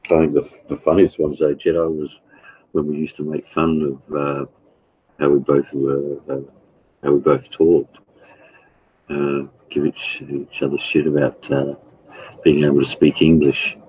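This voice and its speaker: A man chatting casually with his live stream viewers, blunt and profane, halting with fillers. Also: very deep voice, monotone, mellow, husky, no room sound, highs cut off. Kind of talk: casual chat.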